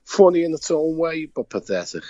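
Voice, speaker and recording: A man's voice: on the high side, big pitch swings, normal speed, mellow, no echo, highs cut off. A man with a Liverpool Scouse accent telling anecdotes in casual chat, blunt and chuckling as he talks. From Liverpool, England. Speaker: podcast co-host.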